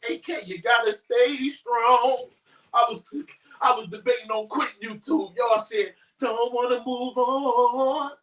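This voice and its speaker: A man giving a brash, profane commentary on a crime story on his YouTube channel, often shouting. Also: extremely high pitch, distant mic. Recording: roomy echo, voice away from mic.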